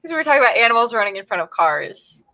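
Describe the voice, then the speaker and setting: Bright-voiced giggly woman hosting a livestream. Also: on the high side, big pitch swings, very fast, dry recording. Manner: giggly, trips over words. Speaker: livestream host reading chat. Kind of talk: casual livestream chat.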